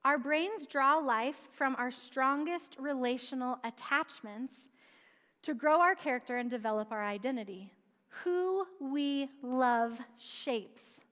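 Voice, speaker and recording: A woman's voice: sits high, fairly bright tone. A woman preaching a sermon in a church, earnestly asking questions and answering them herself. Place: church sanctuary. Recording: long church-hall reverb.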